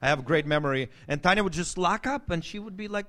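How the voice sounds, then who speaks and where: A man pastor giving lively marriage advice, often turning to the audience as guys. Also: high voice, fast, few pauses. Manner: animated preachy delivery, addresses the audience as guys. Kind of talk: marriage teaching talk with a co-host.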